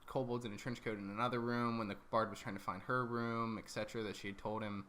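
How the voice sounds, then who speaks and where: A man's voice: lowish voice, flat delivery, fast talker, fairly bright tone, a little hiss or hum. A man recapping his tabletop campaign as dungeon master, rambling along with lots of ums and corrections.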